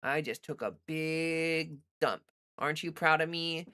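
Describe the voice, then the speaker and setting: A woman voicing her male house cat as a smug, pampered pet asking for praise, soft and fussy. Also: sits low, measured pace, clear, resonant tone.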